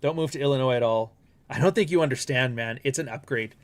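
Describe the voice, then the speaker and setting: A man's voice: mid-range voice, fast talker. A middle-aged man from the United States hosting a livestream, chatting casually and rambling, with some profanity. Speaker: host.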